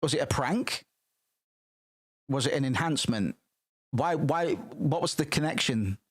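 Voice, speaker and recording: Excitable swearing male streamer. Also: fairly high pitch, a little slow, husky. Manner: rambling, swears a lot, excitable. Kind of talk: casual stream chat reacting to music.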